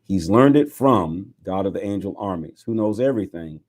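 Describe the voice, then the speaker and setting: A man, a bishop, reading scripture aloud in an expressive way, with exclamations and chuckles between passages. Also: deep voice, normal speed.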